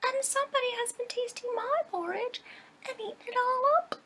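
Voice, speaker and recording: A woman voicing a tiny bear cub with a shrill, piping voice. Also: a little fast, slight background noise. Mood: indignant. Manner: loud, piping and very high.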